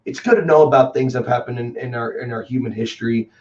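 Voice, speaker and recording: A man in his twenties with a Texan accent, a guest talking in a rambling, excitable way and calling people dude and man. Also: mid-range voice, fast. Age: 20s. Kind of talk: casual chat. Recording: distant, dull lo-fi call audio.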